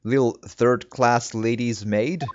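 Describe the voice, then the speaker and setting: A man voicing a gruff, hostile sailor guard who speaks blunt broken English with a mock Russian accent. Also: medium pitch, slow, close to an everyday voice. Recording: slightly muffled, steady hiss behind.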